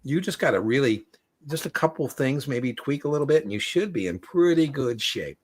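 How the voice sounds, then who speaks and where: A man hosting a casual livestream Q&A as an exam prep coach, chatty and animated, telling stories. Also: mid-range voice, normal speed.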